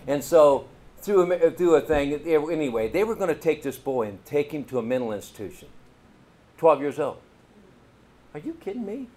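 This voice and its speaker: Kentucky-accented man, middle-aged pastor, folksy storytelling sermon, slightly raised pitch. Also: moderate pace. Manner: folksy, animated, calls out "Amen?" to the congregation.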